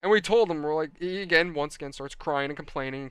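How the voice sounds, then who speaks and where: Speaking at a quick pace, a man hosting a hobby video rambles through an exasperated, animated anecdote aimed at his viewers while working on a model. His voice is a little high, bright and smooth, captured close and dry with no echo.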